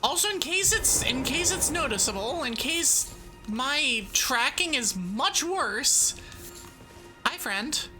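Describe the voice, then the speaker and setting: A woman's voice: sits high, lively intonation, takes it slowly, music in the background. A woman streaming a video game, chatting casually and giggling, talking to herself as she plays. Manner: chatty, giggly, self-mocking; thinks aloud while playing.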